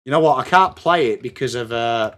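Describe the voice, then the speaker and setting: Chatting with viewers during a live sports watchalong, this young English livestream host pokes fun at himself and reads out trivia. He speaks a little fast, with a medium-pitched, fairly bright voice and lively intonation.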